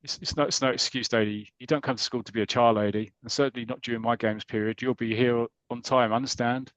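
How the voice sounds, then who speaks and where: A man's voice: mid-range voice, fairly even intonation, quick pace, fairly bright tone, no room sound, lightly acted, rough recording. A stern sports master from a comic strip, sarcastic and scolding, as a man reads him aloud. His tone is firm, and the sound is dry and close.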